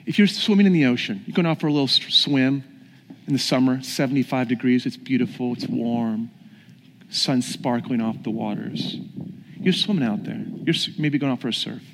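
A man's voice: mid-range voice, moderate pace, slight background noise. A man preaching a sermon, telling stories and putting questions to his congregation. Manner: storytelling, questions the audience. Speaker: pastor. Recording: long hall reverb.

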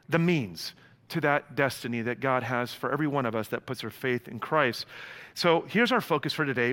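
A man's voice: medium pitch, fairly bright tone, long reverb tail. A man preaching a sermon as a pastor, telling a story with humor and casual asides.

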